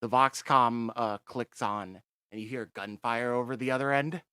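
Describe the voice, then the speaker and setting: A man's voice: mid-range voice, steady tone, moderate pace, sharp tone, smooth, dry recording, clean studio sound. A man narrating as game master in a tabletop game, laid-back and chatty.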